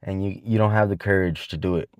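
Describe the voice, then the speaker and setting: A man's voice: sits low, fairly even intonation, fast talker, no echo, muffled recording. A man giving casual dating advice to the camera, talking in slang and swearing freely as he rambles along with restarts.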